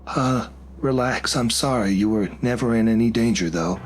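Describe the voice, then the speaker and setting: A man's voice: mid-range voice, moderate pace, pitched above the performer's own voice, close to an everyday voice. A man voicing a reckless, cheerful young man who dabbles in black magic, talking in eager, rambling bursts.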